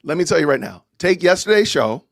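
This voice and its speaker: A man hosting a livestream podcast, chatting casually with animated, theatrical exasperation. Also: fairly high pitch, brisk, vocal fry, dry recording, studio quality. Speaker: podcast host.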